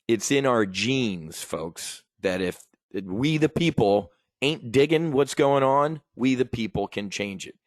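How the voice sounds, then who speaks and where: An American man hosts a podcast, ranting bluntly and with plenty of profanity about politics in a casual way and often addressing his listeners as folks. His voice is medium in pitch, with no room sound in the recording.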